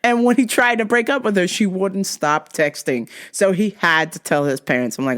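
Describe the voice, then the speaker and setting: A woman's voice: mid-range voice, moderate pace, few pauses. A woman hosting a comedy podcast, telling stories with lots of swearing and frequent laughter. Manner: profane, laughs often, animated storytelling. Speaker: podcast host.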